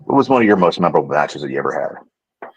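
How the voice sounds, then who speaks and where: A man's voice: extremely low pitch, big pitch swings, very fast, breathy edge, no echo, lo-fi sound. A man hosting a podcast who asks his guest questions, with brief hesitations. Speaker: podcast host. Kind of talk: interview questions.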